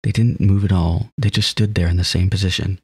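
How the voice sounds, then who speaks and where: A man reads a visual novel aloud in the first person and breaks in with laughs and comments. His voice is low and very husky. The recording is dry and close, with no room sound. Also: steady tone, brisk, darkish tone, no echo. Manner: laughs and comments between read lines.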